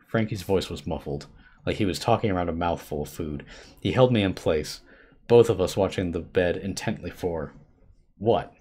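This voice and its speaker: Husky low-voiced man reading horror aloud. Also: normal speed. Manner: expressive, shifts between hushed and urgent. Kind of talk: dramatic horror story reading. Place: home streaming setup.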